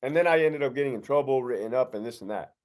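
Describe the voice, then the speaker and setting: A middle-aged former prison lieutenant hosts a casual live-stream Q&A, reading viewer questions and answering bluntly with heavy profanity and streetwise slang. He talks fast in a mid-range, slightly mellow voice.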